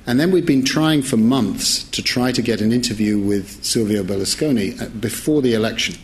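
A man's voice: fairly low pitch, normal speed. A middle-aged man, a journalist, telling a humorous anecdote in a chatty way, often correcting himself and laughing as he goes. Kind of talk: humorous anecdote told to listeners.

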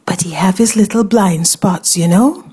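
A man's voice: sits high, moderate pace, warm tone. A woman voicing a flamboyant, teasing male cafe cook in drag, with a sing-song, flirtatious manner. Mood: camp teasing.

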